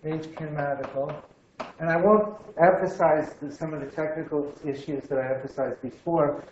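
Male lecturer, halting and repetitive, dull and roomy recording. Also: fairly high pitch, a little mellow, a little hiss or hum. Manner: halting, repeats words, thinks aloud. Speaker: physics lecturer. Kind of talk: university lecture. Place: lecture room. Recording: echoey room, slightly dull sound.

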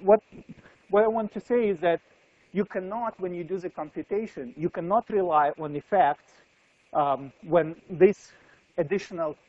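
A man's voice: on the high side, darkish tone, muffled recording. A man giving a university physics lecture, thinking aloud with frequent fillers and restarts.

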